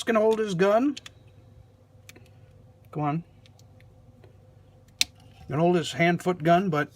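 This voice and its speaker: A man hosting a casual toy review vlog, rambling along with sarcastic, self-deprecating asides. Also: fairly high pitch.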